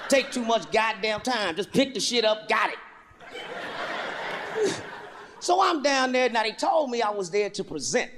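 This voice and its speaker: A man performing stand-up comedy, telling a profane story and acting out the people in it. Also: high-pitched. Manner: profane, animated, acts out characters. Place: theater stage before a laughing audience. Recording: live hall with long reverb, faint noise.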